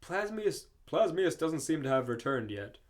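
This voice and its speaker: A man's voice: a little high, very animated, normal speed, voice pushed up. A man reading fanfiction aloud, voicing a brash teenage boy ghost hero with a lightly dramatic read. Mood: eager.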